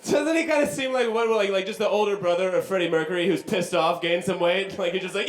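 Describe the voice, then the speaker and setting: A man's voice: high-pitched, quick pace, hardly any pauses. A man bantering casually with loose, rambling asides. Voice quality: loose, rambling, filler-heavy. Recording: echoey room from off-mic, crowd.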